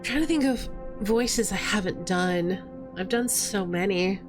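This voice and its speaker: A woman's voice: mid-range voice, a little slow, music in the background. A woman streaming a video game, chatting casually and thinking aloud as she plays.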